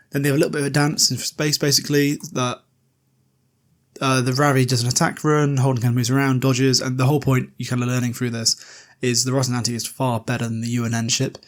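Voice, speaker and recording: A man's voice: medium pitch, level tone, fast talker. A young man hosting a casual podcast, recapping a book chapter in a rambling, chatty way with lots of filler words and self-deprecating asides. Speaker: podcast host.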